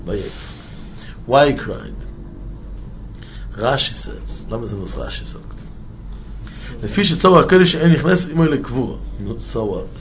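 A man teaching a Torah class, rattling off verses in a rapid singsong and then explaining them with animated emphasis. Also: mid-range voice, slight background noise. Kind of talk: Torah class mixing Hebrew chanting and English.

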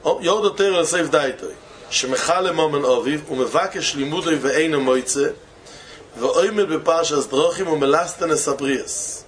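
A man, a rabbi, giving a Torah lecture in English full of Yiddish and Hebrew terms, with non-native phrasing, slowing to chant key phrases and breaking into sudden high exclamations. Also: a little hiss or hum, low-quality recording. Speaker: rabbi teaching students. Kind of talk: Torah lecture to young men.

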